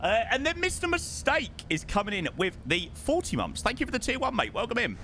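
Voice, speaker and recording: A man's voice: very high-pitched, wildly swooping pitch, fairly quick, pushed and bright, slight background noise. A young man streaming a flight sim, chatting casually with his chat and calling people mate, his voice strained because he is losing it.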